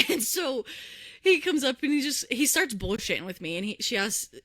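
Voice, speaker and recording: Animated, bright-voiced young woman telling a story. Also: sits high, moderate pace, dry recording. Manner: animated, swears freely, acts out voices in her story. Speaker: podcast co-host. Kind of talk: casual storytelling chat. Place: podcast recording room. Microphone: close to the mic.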